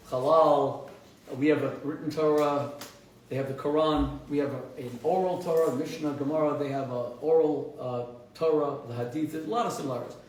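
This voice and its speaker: A man, a rabbi hosting his own show, telling stories with animated, emphatic delivery and frequent restarts. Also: heavy reverb, recorded from a distance, rough recording. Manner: animated, emphatic, rises sharply in pitch when stressing points, frequent restarts. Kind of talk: impassioned storytelling monologue.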